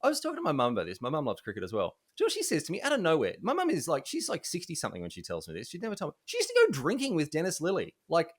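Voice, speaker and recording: A young Australian man, a journalist, telling jokey anecdotes in a casual, animated way. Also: fairly high pitch, rapid-fire, few pauses. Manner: animated, jokey, laughs often. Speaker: journalist guest.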